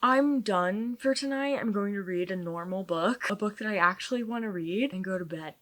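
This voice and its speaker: A woman's voice: mid-range voice, moderate pace, fairly bright tone. A young woman vlogging at home late at night, ranting in exasperation about a book, laughing often and sometimes dropping to a whisper. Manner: drops into whispers. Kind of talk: casual reading vlog to camera.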